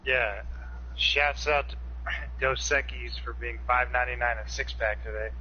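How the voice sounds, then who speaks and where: A man's voice: medium pitch, fairly even intonation, normal speed. A man co-hosting a casual podcast, cutting in with dry, blunt remarks. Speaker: podcast co-host. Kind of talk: casual chat. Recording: dull lo-fi audio with noise behind.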